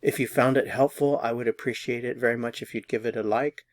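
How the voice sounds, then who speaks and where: A man teaching a language lesson, patiently explaining and slowly repeating words for learners. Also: medium pitch, fairly even intonation, no room sound. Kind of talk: slow instructional explanation.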